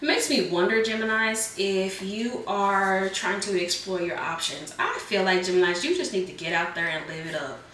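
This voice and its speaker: A woman doing a casual tarot reading, a bit hoarse as she is losing her voice, chatting loosely with many fillers. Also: medium pitch, normal speed, hardly any pauses, a bit bright, echoey room, recorded from a distance, slight background noise. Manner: chatty, filler-heavy, calls viewers "Geminis". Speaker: tarot reader.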